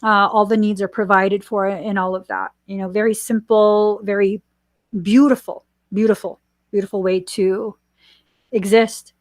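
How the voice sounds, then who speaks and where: A woman hosting a spiritual podcast, speaking slowly and earnestly and repeating her warnings. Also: medium pitch, flat delivery, no room sound. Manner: slow, earnest and warning, with repetitions. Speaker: podcast host. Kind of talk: spiritual channeling chat.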